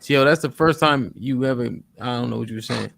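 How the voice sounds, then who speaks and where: A man hosting a livestream talk show, reading donor messages aloud quickly and asking guests direct questions. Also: medium pitch, vocal fry, a bit bright, no room sound. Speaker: livestream host. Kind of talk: casual chat, reading super chats aloud. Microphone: studio microphone.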